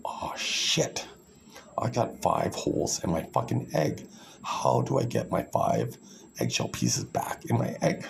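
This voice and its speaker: Guy doing a talking egg, very deep and gravelly, quiet half-whisper, boastful then cursing. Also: moderate pace, slight background noise. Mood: panicked. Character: cocky talking egg that panics and curses.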